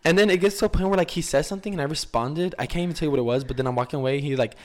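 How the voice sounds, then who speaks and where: Fast-talking man telling a story. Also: on the high side. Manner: animated storytelling, acting out both sides of conversations; mixes Spanish phrases into English. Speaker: podcast co-host. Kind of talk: casual chat.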